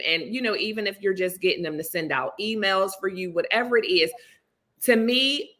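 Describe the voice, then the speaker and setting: A woman's voice: lowish voice, fairly bright tone. A woman life coach and author giving earnest, motivational advice in a livestream conversation.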